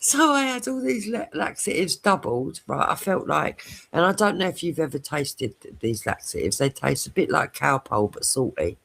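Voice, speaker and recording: A woman's voice: low voice, big pitch swings, moderate pace, creaky, a bit bright. A British woman hosting a casual podcast chat, telling a crude story with lots of swearing and laughter.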